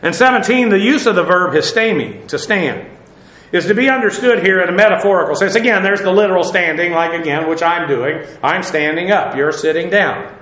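A man's voice: high-pitched, pushed and bright, roomy sound. A man giving a verse-by-verse Bible lesson, talking conversationally with fillers and asides while he stands before a seated audience. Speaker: Bible teacher.

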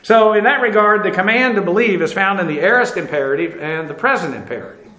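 High-voiced man teaching in an echoey room. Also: animated, fast talker, sharp tone. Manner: frequent "uh" fillers, self-correcting, explanatory. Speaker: Bible teacher. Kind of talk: lecture on Greek verb tenses.

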